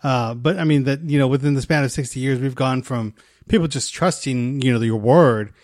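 A middle-aged man co-hosting a podcast, talking enthusiastically about films with many restarts and a voice that trails off softly. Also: mid-range voice, brisk, dry recording, clean studio sound. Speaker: podcast co-host. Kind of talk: casual movie chat.

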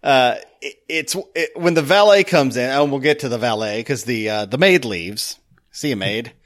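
A man's voice: mid-range voice, moderate pace, fairly bright tone. A young adult man co-hosting a podcast, chatting casually and jokily about a classic film. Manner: jokey, slips into playful put-on voices. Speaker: podcast co-host. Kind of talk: casual movie chat.

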